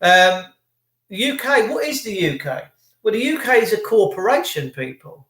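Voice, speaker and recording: A man's voice: high voice, very animated, normal speed, sharp tone. A man, from England, ranting emphatically in a casual monologue to camera as a vlogger. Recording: echoey room.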